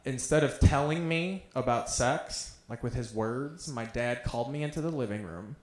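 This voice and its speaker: A young man at a mid-range pitch works through a stand-up comedy set with profane, self-deprecating tales. His voice rings out in an echoey room. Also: moderate pace.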